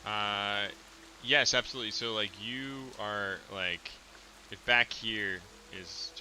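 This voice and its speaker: A man narrating as game master of a tabletop game, in a halting, hesitant way. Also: on the low side, sharp tone, slight background noise, poor audio.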